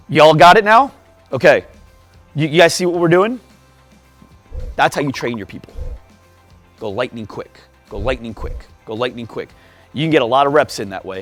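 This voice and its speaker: A man speaking at a live workshop, firing rhetorical questions and drilling the audience in a punchy, repetitive way. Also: medium pitch. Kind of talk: live seminar talk to an audience. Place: event room before a live audience.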